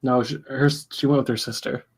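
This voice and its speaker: A man's voice: medium pitch, fairly even intonation, normal speed, slightly rough. A man chatting as a guest on a casual podcast, telling stories about his girlfriend.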